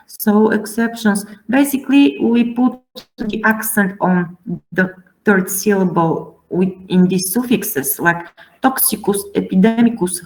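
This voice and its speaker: A woman teaching a Latin pronunciation class, speaking slowly with frequent hesitations and fillers. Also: medium pitch, low-quality recording. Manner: slow, halting, many fillers. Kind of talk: classroom lecture.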